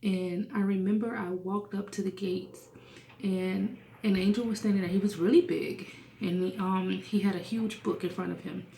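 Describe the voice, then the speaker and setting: A woman in her thirties gives an earnest personal testimony in a mid-range, creaky voice with a steady tone and normal speed. The recording is reverberant with slight background noise, and she drops to a whisper at sad moments.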